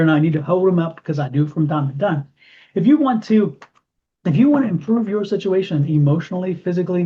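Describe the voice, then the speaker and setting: A man giving an intuitive tarot reading to camera, animated and repeating phrases for emphasis. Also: high-pitched, husky. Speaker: tarot reader. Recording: dull lo-fi sound.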